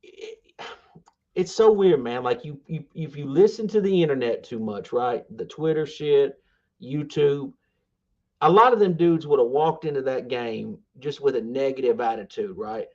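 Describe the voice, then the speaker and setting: A man co-hosting a sports podcast, rambling enthusiastically with lots of fillers and false starts. His voice sits at a middle pitch for a man. The recording sounds a bit dull and muffled. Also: lively intonation, normal speed, darkish tone. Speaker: podcast co-host. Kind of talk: casual sports podcast chat.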